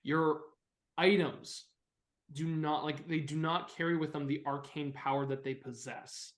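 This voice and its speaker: A man narrating as dungeon master in a tabletop game, halting and correcting himself as he goes. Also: fairly high pitch, steady tone, reverberant. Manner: halting, full of fillers and self-corrections.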